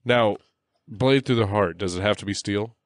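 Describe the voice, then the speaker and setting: A man's voice: lowish voice, normal speed, dry recording, clean studio sound. A man co-hosting a podcast, joking crudely and bantering with lots of swearing. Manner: profane, joking, slips into silly bits. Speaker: podcast co-host.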